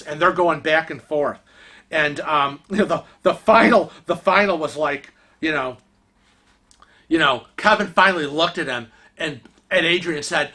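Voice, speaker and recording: A vlogger telling a story in a casual, animated and indignant way, often restarting sentences. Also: medium pitch.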